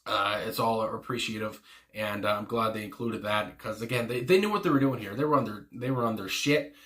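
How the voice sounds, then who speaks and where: A man's voice: fairly low pitch, brisk, fairly bright tone. A man hosting a music reaction video, talking casually and rambling with lots of fillers and restarts, gushing with enthusiasm.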